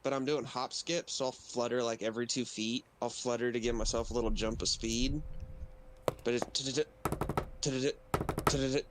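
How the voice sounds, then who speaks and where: A man's voice: medium pitch, little pitch movement, a little fast, noisy background. A man playing a tabletop game, playfully and vividly describing his moves. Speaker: player. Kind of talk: casual tabletop game chat.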